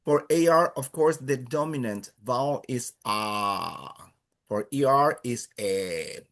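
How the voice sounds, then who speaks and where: A man's voice: mid-range voice, slow pace, fairly bright tone. A man teaching a beginner class, patiently walking students through verb conjugations with many fillers and check-ins. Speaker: Spanish teacher. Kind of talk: online class instruction.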